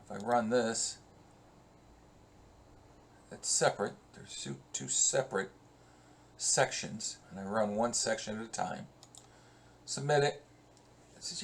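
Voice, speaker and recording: In a screen-recorded coding lesson, a male professor talks slowly and conversationally, thinking aloud as he goes. His voice is medium in pitch and creaky, with a little hiss or hum in the recording.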